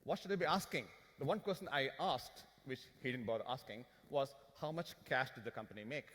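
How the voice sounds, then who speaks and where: A man giving an animated, joking finance seminar talk to a conference audience, firing questions at the crowd. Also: medium pitch, brisk. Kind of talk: lively business seminar talk. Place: conference hall. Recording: hall reverb from a conference room.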